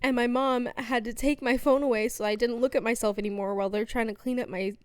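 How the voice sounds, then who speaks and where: A young woman chats as a podcast guest, her voice pitched a little high and recorded dry and close. She tells her stories in an animated way, laughs often and fills her talk with "like" and "um.". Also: fast talker, clear, resonant tone, no echo. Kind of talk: casual storytelling chat.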